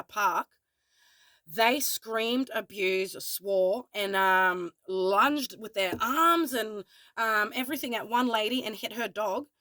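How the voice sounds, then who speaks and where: A woman's voice: mid-range voice, no room sound. Candid, swearing Australian woman vlogger. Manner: candid, swears freely, animated retelling. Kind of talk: casual storytelling vlog.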